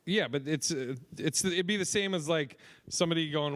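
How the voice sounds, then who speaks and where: A man's voice: fairly high pitch, brisk, few pauses, fairly bright tone, no echo, clean studio sound. A young man co-hosting a podcast, joking, swearing often and laughing in casual banter. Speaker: podcast co-host.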